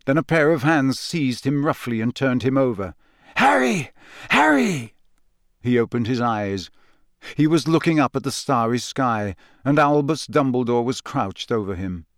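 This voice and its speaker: Steady male storybook narrator. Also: mid-range voice, no echo, studio quality. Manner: measured and steady. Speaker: audiobook narrator. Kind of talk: scripted narration.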